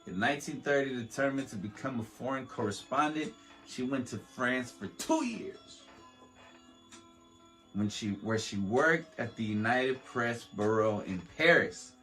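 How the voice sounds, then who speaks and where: A man's voice: medium pitch, measured pace, fairly bright tone, soft background music, rough recording. A man hosting a podcast, reading a history aloud with stumbles, restarts and joking asides. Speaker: podcast host. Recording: faint beat playing under the voice.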